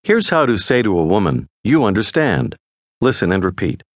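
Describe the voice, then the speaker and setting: A man narrating a scripted language lesson in a measured, patient teaching manner. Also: on the low side, very animated, no echo, studio quality. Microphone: close studio mic.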